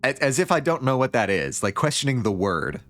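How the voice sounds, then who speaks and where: A man's voice: medium pitch, very animated, brisk, a bit bright, soft background music. A man streaming a story game, reading its text aloud with playful asides.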